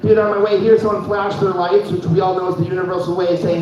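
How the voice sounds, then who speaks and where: A young man from Fargo, North Dakota does a stand-up set at a live comedy show, talking fast in a high voice with a flat delivery. He's casual and loose, says "dude" all the time, and laughs at his own jokes. Crowd noise fills the echoey room, and the mic sounds far away and dull.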